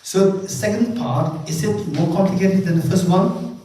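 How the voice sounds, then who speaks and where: A man teaching a Buddhist retreat, his voice sitting a little high and full of playful questions to the room. He is heard from a distance in a very echoey monastery hall, with a faint hiss underneath. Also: moderate pace, warm tone. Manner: playful, questioning the audience, laughs often. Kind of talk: dharma teaching with live exercises. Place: large echoing monastery hall.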